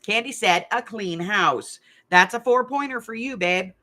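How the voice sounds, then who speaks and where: This middle-aged woman speaks in a mid-range voice, a little slow, pushed and bright. She's the host of a craft channel's live stream game, chatting casually and rambling through stories with lots of laughter from a hot room at home.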